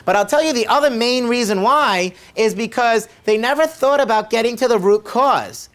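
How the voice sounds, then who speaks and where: Chiropractor telling a patient story. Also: male voice, very high voice, moderate pace, a bit bright. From United States. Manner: conversational, repeats questions for emphasis.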